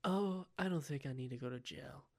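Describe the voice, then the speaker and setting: A man's voice: medium pitch, vocal fry. A man voicing a brash, flirty Russian woman scammer with a put-on Russian accent in improvised role-play. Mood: seductive. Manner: slow, halting put-on accent.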